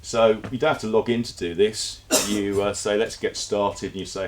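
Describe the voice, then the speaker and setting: A man's voice: lowish voice, fairly even intonation, moderate pace, few pauses, slight background noise. A man giving a conversational conference presentation to an audience, with fillers and repeated words. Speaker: conference speaker. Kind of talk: presentation talk.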